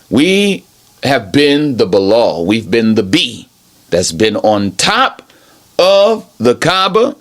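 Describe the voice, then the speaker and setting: In a medium-pitched voice, a man who styles himself a preacher rambles through an unscripted sermon. He punctuates his emphatic points with "okay?" over and over.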